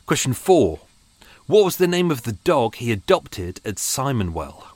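A man's voice: medium pitch, big pitch swings, unhurried, darkish tone, no echo. A man hosting a podcast, chatting casually and rambling with self-mocking asides, recorded at home on a boat. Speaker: podcast host. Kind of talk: casual chat to listeners. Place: small home room on a boat.

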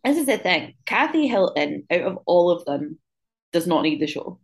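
A woman's voice: lowish voice, very animated, normal speed. A woman co-hosting a podcast, chatting casually and bluntly, swearing freely. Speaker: podcast co-host. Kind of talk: casual chat.

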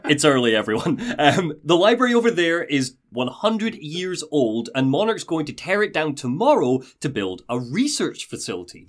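A male podcast host telling a game's story, jokey and animated. His pitch leaps around freely as he narrates, and the tone stays casual and conversational. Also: moderate pace, few pauses. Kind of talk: casual chat, recapping a game story.

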